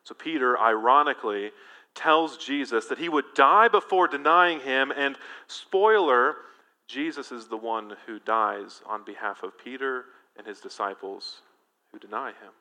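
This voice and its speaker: A male pastor preaching a sermon in an animated, emphatic way, engaging his congregation directly. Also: mid-range voice, unhurried.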